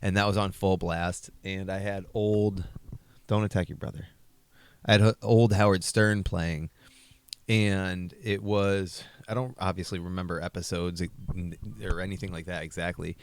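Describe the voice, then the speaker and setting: A man's voice: low voice, flat delivery, normal speed, clear, resonant tone. A man co-hosting a comedy podcast, telling a story in a rambling, profane, self-mocking way. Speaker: podcast co-host.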